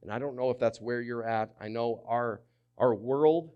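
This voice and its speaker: A man's voice: medium pitch, moderate pace, smooth, lo-fi sound. Man preaching with big dynamic swings. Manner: dramatic swings from hushed to loud, acts out quotes. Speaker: pastor. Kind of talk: sermon.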